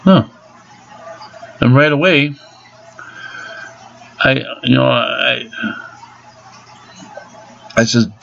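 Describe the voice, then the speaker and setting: An angry car owner vlogs a profanity-heavy rant about a botched car repair. His medium-pitched voice is gravelly with a fairly bright tone, and he speaks slowly with long pauses. The recording is dull and lo-fi, with slight background noise.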